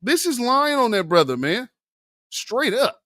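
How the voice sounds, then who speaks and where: A man with a high, bright voice that leaps all over as he speaks. He sounds impassioned and preachy, talking straight to his audience as family. His recording is dry and close, with no room sound. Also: sing-song, measured pace, dry recording. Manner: impassioned, preachy, addresses viewers as family and brother. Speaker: commentary channel host. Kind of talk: political commentary vlog.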